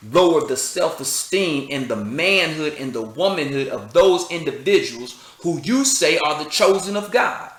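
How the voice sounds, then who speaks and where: A man's voice: medium pitch, sharp tone. Fiery preachy man in an echoey room. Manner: preachy, confrontational, rhetorical questions, street slang. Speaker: commentator. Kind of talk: impassioned address to camera.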